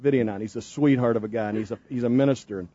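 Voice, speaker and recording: A man's voice: medium pitch, fast talker, dark tone, breathy edge, no room sound, highs cut off. A man with a Southern US accent hosting a joking morning radio show, rambling, stumbling and repeating his words.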